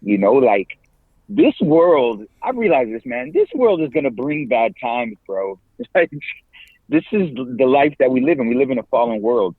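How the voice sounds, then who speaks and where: A man in his forties, a podcast guest and campus minister, talking in a lively, slangy way and laughing often. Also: mid-range voice, a little slow, slightly rough, no echo. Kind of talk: casual interview talk. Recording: tinny phone-like line, dry.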